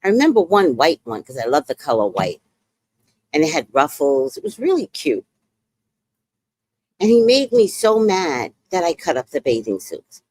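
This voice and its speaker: A woman hosting a podcast, recapping a reality show in a casual, animated way and acting out what people said. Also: low voice, normal speed, no room sound. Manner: animated, exclaims and acts out quotes. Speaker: podcast host.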